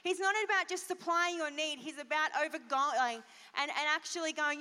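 A woman pastor giving an animated children's sermon, asking the kids questions. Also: sits high, normal speed. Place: church hall. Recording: long church hall reverb.

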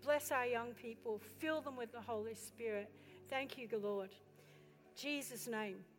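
High-voiced woman preaching in an echoey hall. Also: unhurried. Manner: impassioned, builds to loud exhortation; chatty asides and questions to the congregation. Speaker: pastor. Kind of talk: sermon. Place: church. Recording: echoey hall with faint music.

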